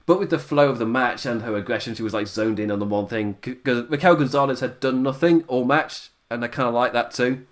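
A man's voice: mid-range voice, fairly quick, few pauses. A young adult man hosting a podcast, chatting casually through a review, rambling and chuckling often between thoughts. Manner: rambling, laughs often, restarts sentences. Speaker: podcast host reviewing a show.

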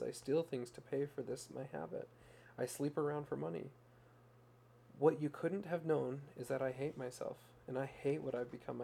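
A man's voice: medium pitch, creaky, warm tone, slight background noise, natural voice. A man reading a broken, despairing young mother. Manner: confessional, raw, plain-spoken.

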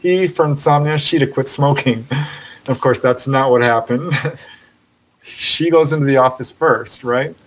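A man's voice: medium pitch, measured pace, rough recording. Guy on a podcast telling a story, acts out the people, laughs a lot, medium voice. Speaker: guest, author on UFO encounters. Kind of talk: animated storytelling in a podcast interview.

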